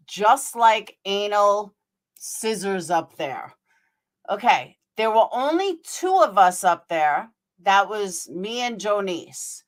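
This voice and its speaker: A woman hosting her channel, reacting to clips in a furious, profane, sarcastic rant. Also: mid-range voice.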